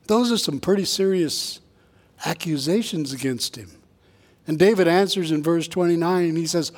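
A man preaching a sermon in a conversational way, tossing in quick asides and jokes for the congregation. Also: on the high side, darkish tone. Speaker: pastor.

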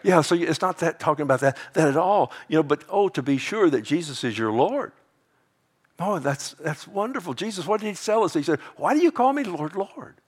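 Man preaching with swings in loudness. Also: a little high, big pitch swings, fairly quick, breathy edge. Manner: preaching with sweeping swings between hushed and loud; calls out "amen" and "loved one" to the listeners. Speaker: pastor. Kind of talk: sermon.

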